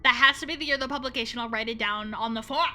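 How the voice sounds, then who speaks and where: A woman's voice: a little high, racing, sharp tone, faint music behind. A woman streaming a game, chatting playfully to her viewers, cursing now and then and reading dialogue aloud. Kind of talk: casual gameplay commentary.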